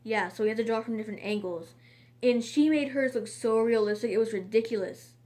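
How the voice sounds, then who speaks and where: A woman's voice: on the high side, a little fast, darkish tone. A woman in a casual storytime monologue, rambling and chatty, with frequent fillers and restarts. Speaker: vlogger.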